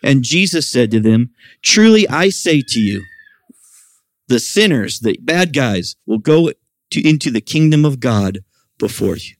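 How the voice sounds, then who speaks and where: A man's voice: mid-range voice, animated, normal speed, no echo. A middle-aged man preaching a sermon at a church service, talking animatedly and raising his voice for quoted questions. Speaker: pastor.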